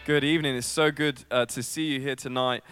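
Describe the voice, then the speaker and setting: A man's voice: medium pitch, steady tone, a little fast, fairly bright tone, smooth, soft background music. A young man preaching a sermon at a church service, casual and self-deprecating, with many fillers.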